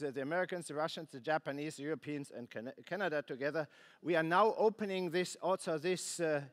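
A man heading a space agency gives a conference keynote, halting and restarting often, with dry asides. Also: on the high side. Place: conference plenary hall.

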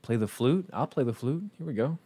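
A man giving casual, profane and excitable commentary while streaming a video game, often restarting his sentences. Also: mid-range voice, a little fast, husky, no echo. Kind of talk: casual let's-play commentary.

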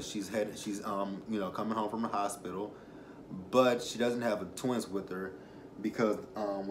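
A man's voice: lowish voice, slight background noise. A young man reviewing a reality show, rambling and self-correcting as he tells emotional personal stories. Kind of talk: casual commentary with personal stories.

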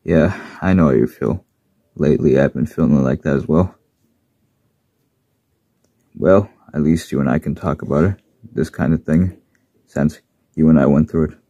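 A man voicing a gentle, earnest little blue miniature engine who talks softly about his troubles. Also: very deep voice, moderate pace, pauses often, slightly rough, no room sound, heavily acted. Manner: soft-spoken, troubled, earnest. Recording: dull lo-fi recording.

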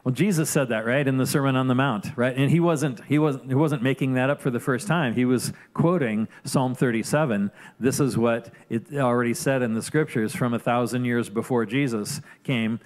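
A man's voice: medium pitch, moderate pace, hardly any pauses, a little mellow. Casual, conversational male pastor preaching. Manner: conversational, frequent "right?" asides and restarts. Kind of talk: sermon.

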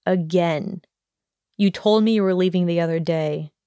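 A woman's voice: lowish voice, moderate pace, dark tone, clean tone, dry recording, lo-fi sound, lightly acted. A woman voicing a sneering, arrogant young wizard man who talks in a cold, snide, snapping way in an audiobook reading.

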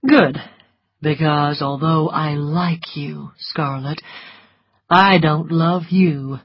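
A sly, mocking rogue voiced by a woman narrator, talking low and breathy with a sardonic edge. Slow, unhurried delivery with a close, dry audiobook sound that is a bit muffled. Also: no room sound, heavily acted. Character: suave, teasing older man, a Southern rogue. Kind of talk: audiobook dialogue.

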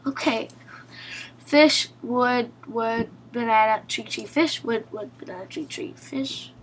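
A woman's voice: on the high side, measured pace, a little hiss or hum. A young woman commentating her own gameplay, pleading with and scolding her teammates in exasperation. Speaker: gaming video creator.

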